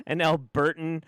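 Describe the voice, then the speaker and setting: A man with a fairly high voice hosts a live stream, offering sarcastic commentary and laughing often. He swings between loud bursts and quiet mutters, and there is no echo.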